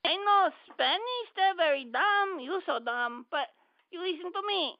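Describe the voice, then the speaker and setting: Woman doing a broken-English prank caller, very high voice, smug taunting, dull phone line. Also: expressive, measured pace, dry recording, exaggerated voice.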